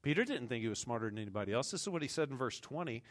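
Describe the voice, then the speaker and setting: A man's voice: mid-range voice, sing-song, rapid-fire. A man from the American South with a Southern accent, preaching a sermon in a humorous, conversational way with asides to the congregation. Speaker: pastor.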